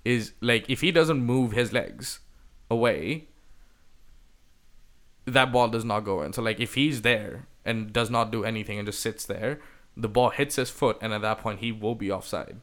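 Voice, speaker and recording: A man's voice: lowish voice, moderate pace, a bit bright. Blunt, swearing man on a football podcast. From India. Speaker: podcast host. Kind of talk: casual chat.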